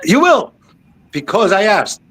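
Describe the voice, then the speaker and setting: A man's voice: high-pitched, sing-song, a little slow, fairly bright tone, slightly rough. A man co-hosting a comic book podcast in casual chat, stammering as he plays at being indignant.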